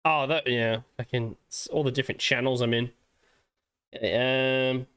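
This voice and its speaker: A man's voice: mid-range voice, steady tone, a little slow, fairly bright tone, smooth. An Australian man streaming casually, laid-back and giggly, swearing often. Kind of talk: casual livestream chat.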